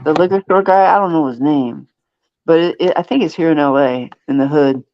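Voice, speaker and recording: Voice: mid-range voice, fairly quick, no echo. Podcast host, casual storyteller who acts out quotes, laughs a lot; dull, dry lo-fi audio. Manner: laughs often. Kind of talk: casual chat.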